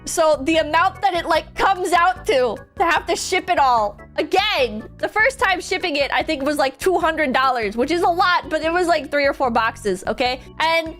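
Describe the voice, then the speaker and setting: A young woman streamer telling a story casually, animated and swearing a lot, with bursts of shouting and laughter. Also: high-pitched, moderate pace, hardly any pauses, faint music behind.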